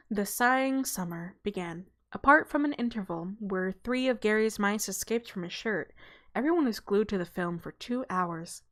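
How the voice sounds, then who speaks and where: A woman reads a children's novel aloud to her channel audience. Her pitch sits at an ordinary middle height. Her delivery is relaxed and unpolished, with occasional stumbles she corrects as she goes. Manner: relaxed reading with small stumbles and self-corrections; breaks off for a light aside and a laugh.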